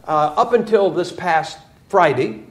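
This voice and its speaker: A man's voice: high-pitched, unhurried, a bit bright. A man preaching in a church, joking and emphatic, with mocking quoted voices. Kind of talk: sermon.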